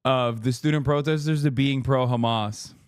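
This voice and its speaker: A man in his thirties reacting to a clip on a live stream, talking fast and swearing freely. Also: medium pitch, smooth, no echo, clean studio sound. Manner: animated, profane, bursts of loud laughter. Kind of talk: casual live-stream commentary.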